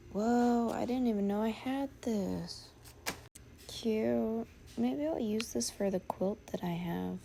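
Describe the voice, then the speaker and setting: A woman talks unhurriedly in a slightly gravelly voice, musing aloud as she sorts her things. Her chat is casual and easygoing, and now and then it sinks to a soft whisper. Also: mid-range voice, lively intonation, measured pace, slight background noise. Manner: musing, chatty, thinking aloud; drops to a soft whisper at times. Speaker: sewing vlogger. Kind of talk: casual narration while sorting.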